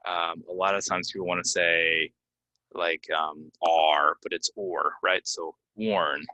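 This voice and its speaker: A man teaching English pronunciation from slides, repeating each word slowly and giving example sentences with many ums. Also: sits low, level tone, pushed and bright, no echo, low-quality recording. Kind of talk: slide-based pronunciation lesson.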